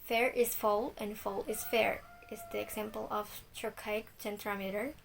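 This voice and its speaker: A woman's voice: mid-range voice, level tone, moderate pace, creaky, a little hiss or hum, rough recording. A young woman, a student, reading her part of a class presentation and reciting lists of examples. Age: young adult.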